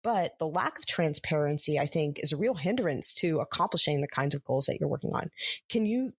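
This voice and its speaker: A woman's voice: low-pitched, animated, a little fast, husky, no echo. A woman hosting an interview podcast, framing long, articulate, thoughtful questions for her guest. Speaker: podcast host.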